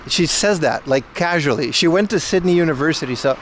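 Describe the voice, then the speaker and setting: A young man talks to his livestream viewers in a loose, joking way, ribbing them as he goes. His voice sits a little high for a man. Faint street noise carries on behind him outdoors. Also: lively intonation, brisk. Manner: joking, banter with chat. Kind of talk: casual IRL stream chat.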